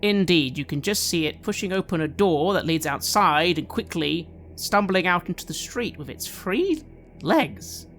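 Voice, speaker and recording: A woman narrating as game master for a tabletop roleplaying game, describing scenes in measured detail. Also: fairly low pitch, a little hiss or hum.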